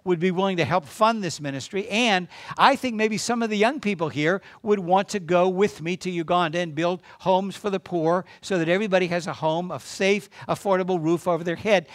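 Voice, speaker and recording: A man's voice: high voice, brisk, hardly any pauses, dry recording, studio quality. A man preaching as a guest to a congregation, telling a story and then urging listeners on with emphatic exhortation. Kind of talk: sermon.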